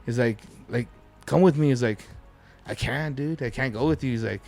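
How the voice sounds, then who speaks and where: A man's voice: medium pitch, normal speed, a little mellow, faint music behind. A man telling a story as a podcast guest, rambling and swearing, with Spanish words dropped in. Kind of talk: casual storytelling.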